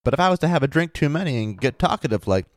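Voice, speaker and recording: A man voicing a cheerful, rough old male prospector who drawls and teases with sly menace. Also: medium pitch, sing-song, very fast, no room sound, clean studio sound, pitched above the performer's own voice, lightly acted. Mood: sly, folksy. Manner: folksy drawl, teasing and sly.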